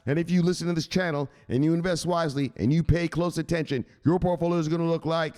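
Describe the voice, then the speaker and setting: A man hosting a crypto news vlog, brash and rowdy, swearing and shouting sound-effect words between headlines. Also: a little high, quick pace, few pauses, long reverb tail. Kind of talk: casual hyped commentary.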